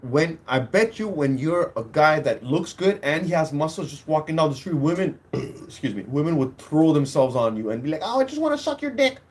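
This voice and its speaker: A man's voice: fairly high pitch, moderate pace, hardly any pauses, darkish tone. A young man hosting a podcast on his own, talking casually and crudely in a rambling way and laughing at his own stories. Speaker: podcast host. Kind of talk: casual solo podcast talk.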